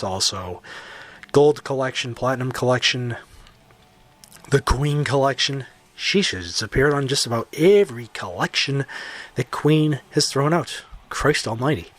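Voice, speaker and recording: A man's voice: medium pitch, a bit bright. A man hosting a solo podcast, talking casually with opinionated, jokey asides. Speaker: podcast host.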